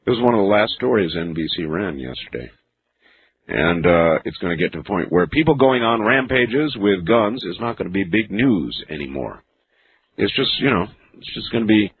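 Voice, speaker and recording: A man hosts a late-night call-in radio show, drawling and musing through his points with plenty of fillers. The sound is squeezed into a narrow, phone-like band with a faint hiss underneath. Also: on the low side. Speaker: radio talk show host.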